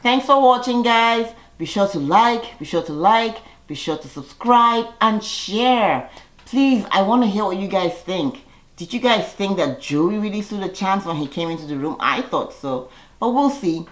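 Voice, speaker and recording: A woman's voice: medium pitch, expressive, measured pace. Sassy woman recapping in an echoey room. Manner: sassy, acts out quotes in put-on voices. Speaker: YouTuber recapping a reality show. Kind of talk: casual video recap.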